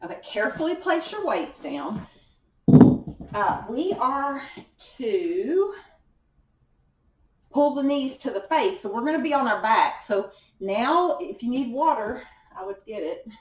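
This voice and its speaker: A very animated young woman with a high-leaning voice leads a home workout, speaking a little slowly and pausing often. As the fitness instructor, she exercises along while encouraging everyone. Slight background noise accompanies the echoey audio from a camera mic set well away from her indoors.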